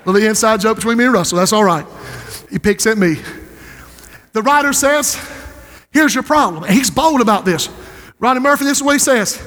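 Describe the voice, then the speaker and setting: A male pastor preaching a sermon, building to shouted climaxes and dropping into joking asides. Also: high voice, animated, normal speed, long pauses, a little hiss or hum. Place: church sanctuary. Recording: long hall reverb.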